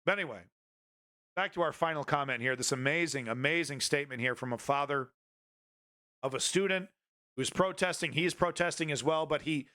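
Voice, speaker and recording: Blunt, bright-voiced male commentary host. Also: a little high. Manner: blunt, rambling, swears freely. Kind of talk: casual political commentary stream.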